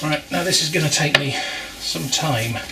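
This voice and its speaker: Home brewer, chatty how-to, loud clattery noise behind. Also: male voice, fairly high pitch, normal speed. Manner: chatty, explaining as he works, wry asides. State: exerting while stirring. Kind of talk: casual how-to vlog narration. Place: home brewing setup.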